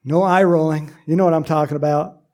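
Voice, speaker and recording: A man preaching to his congregation in a fairly high voice. He is animated and emphatic, and he breaks off to tease people in the pews. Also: brisk. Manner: animated, joking asides with the congregation. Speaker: pastor. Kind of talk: sermon.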